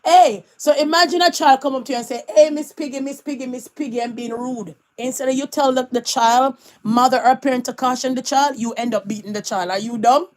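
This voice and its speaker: A woman's voice: sits high, a little fast, hardly any pauses. Sassy woman dishing gossip. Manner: sassy, laughs often between remarks. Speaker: vlogger. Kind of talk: celebrity gossip commentary.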